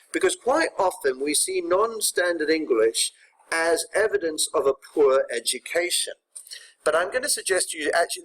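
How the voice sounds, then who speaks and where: Brisk man teaching a poetry lesson. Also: on the high side, a bit bright, rough recording. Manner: brisk, explanatory, with tag questions to students. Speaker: English teacher.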